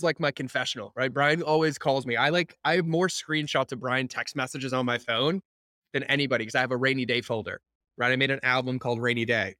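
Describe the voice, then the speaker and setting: A man's voice: mid-range voice, sharp tone, no echo, studio quality. A man hosting a podcast, chatting casually and emphatically, swearing freely and often. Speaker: podcast host. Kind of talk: casual chat.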